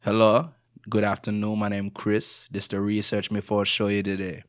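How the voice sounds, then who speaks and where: A man demonstrating his strong home Jamaican accent, speaking slowly and pronouncing every word fully. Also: lowish voice, monotone, clean tone, dry recording, studio quality, close to an everyday voice. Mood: formal.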